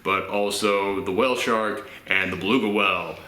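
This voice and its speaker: A man hosting a casual movie reaction chat, rambling and animated, acting out lines in silly voices. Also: fairly low pitch, normal speed, echoey room.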